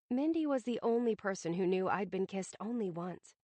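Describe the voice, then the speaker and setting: A woman's voice: medium pitch, lively intonation, moderate pace, few pauses, mellow, dry recording. A woman narrating a first-person romantic comedy audiobook in a wry, self-conscious manner, from a studio booth on a close mic.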